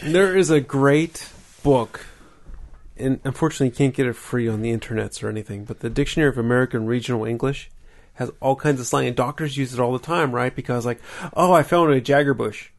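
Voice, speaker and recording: A man with a gravelly, fry-laden voice. He talks in a chatty, easygoing way and asks questions. His pitch is average. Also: quick pace. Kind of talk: casual chat.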